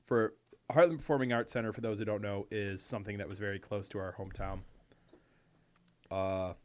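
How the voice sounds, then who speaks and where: A young man co-hosting a podcast in casual chat, animated and swearing freely as he riffs. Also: fairly low pitch, a little fast. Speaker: podcast co-host.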